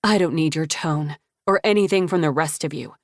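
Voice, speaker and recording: A woman's voice: low voice, fairly quick, no room sound, clean studio sound. A woman narrator voicing a cold, scornful wealthy mother in an audiobook, her lines cutting and contemptuous.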